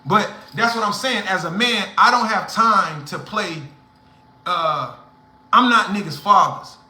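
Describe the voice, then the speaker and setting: A man's voice: sits high, a little slow, pushed and bright, echoey room. A young man hosting a livestream, lecturing his viewers in a blunt, profane, heated rant. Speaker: livestream host.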